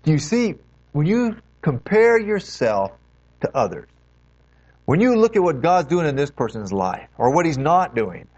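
A man's voice: on the high side, sing-song, measured pace, darkish tone. A man preaching a sermon as pastor, earnest and exhorting, leaning hard on key phrases. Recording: dull lo-fi recording.

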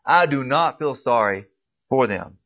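A man preaching a sermon, pressing his listeners with repeated emphatic questions and swinging from quiet, low asides to loud, rising appeals. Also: animated, unhurried. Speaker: pastor. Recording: dull lo-fi recording.

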